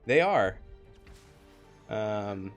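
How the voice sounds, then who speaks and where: A man casting a live online game match, jokey and animated, laughing often. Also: on the low side, very slow, faint music behind. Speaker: esports caster.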